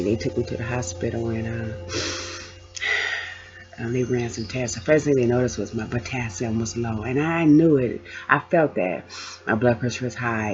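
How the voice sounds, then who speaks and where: A woman vlogger telling her own story casually, acting out the voices of the people in it. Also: rumbling low. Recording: dull lo-fi sound.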